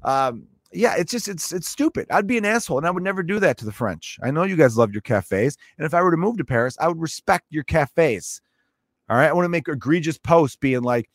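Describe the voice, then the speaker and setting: A man's voice: on the high side, expressive, brisk, no room sound. Sarcastic ranting man, dry sound. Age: adult parent. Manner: sarcastic, profane, exasperated. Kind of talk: comedic rant.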